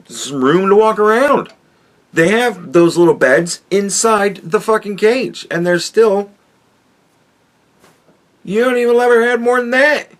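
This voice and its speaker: A podcast host tears into what he is watching, swearing constantly and mocking as he goes. His voice sits a little high for a man. The tone stays casual and scornful. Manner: crude, heavy swearing, mocking. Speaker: podcast host reacting to a clip. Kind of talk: profane ranting commentary.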